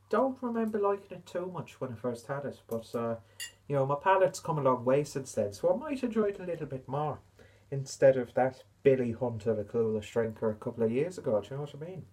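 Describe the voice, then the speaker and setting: A man hosts a casual beer review in a put-on Irish accent, rambling and poking fun at himself. His voice is husky and slightly raised, with a mellow, soft tone, and his pitch rises and falls a lot. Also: big pitch swings, a little fast. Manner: chatty, rambling, self-mocking.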